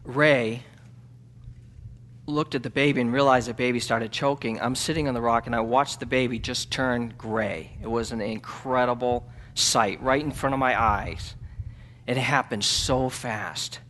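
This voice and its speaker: A man, a missionary, telling a story in a church sermon, halting with ums and restarts, then building to loud fervent preaching. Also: mid-range voice, fairly even intonation. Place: church sanctuary.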